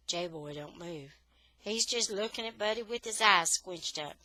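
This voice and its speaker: A woman tutor reading a children's novel aloud, in a careful, expressive storytelling manner. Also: medium pitch, a little slow, no echo, low-quality recording. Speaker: reader, English tutor.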